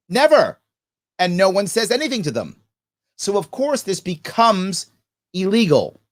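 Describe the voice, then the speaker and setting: A man's voice: high-pitched, very animated, normal speed. A man hosting a live stream, reading viewer comments and giving emphatic commentary, acting out the quoted voices. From United States. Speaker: host.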